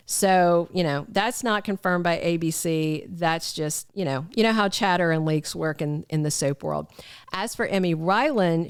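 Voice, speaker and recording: A woman's voice: fairly low pitch, smooth, no room sound, clean studio sound. Chatty woman hosting soap gossip news. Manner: chatty, gossipy, addresses viewers directly. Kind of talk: casual spoken news chat.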